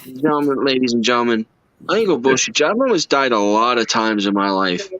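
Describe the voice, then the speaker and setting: A man's voice: medium pitch, expressive, quick pace, a bit bright, no room sound. A man, a livestream guest telling personal stories in an earnest, emotional, folksy way. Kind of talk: casual storytelling chat. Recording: dull lo-fi stream audio.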